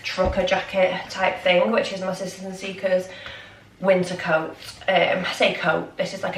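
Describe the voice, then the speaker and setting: A woman's voice: medium pitch, a little hiss or hum. Rambling woman vlogging. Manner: rambling and scattered, many ums. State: shaky and out of breath. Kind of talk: casual chatty vlog. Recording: echoey room, mic at a distance.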